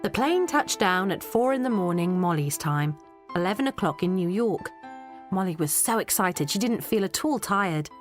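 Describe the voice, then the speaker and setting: A woman narrating a children's audiobook in an expressive storytelling manner, close to a studio mic. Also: fairly low pitch, moderate pace, soft background music. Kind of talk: scripted narration.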